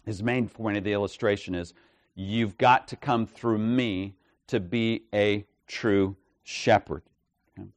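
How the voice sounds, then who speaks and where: A man preaching an expository sermon with measured, emphatic delivery, often checking in with "right?" and "okay?". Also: on the low side, steady tone, dry recording.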